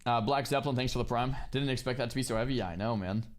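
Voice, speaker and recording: A man's voice: medium pitch, racing. A young man streamer giving casual, laughing reaction commentary and often restarting his sentences.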